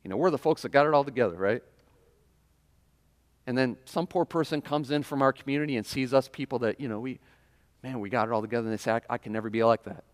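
A man's voice: medium pitch, fast talker, long pauses. Male pastor, casual chatty sermon delivery, frequent audience check-ins, voice carrying a long church-hall reverb. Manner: conversational preaching with frequent "right?" and audience questions. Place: church sanctuary.

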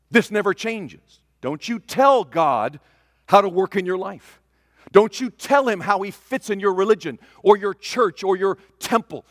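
High-voiced preacher with dramatic swings. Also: male voice, studio quality. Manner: dramatic, swinging from loud declarations to hushed asides. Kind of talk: sermon. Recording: long reverb of a large hall.

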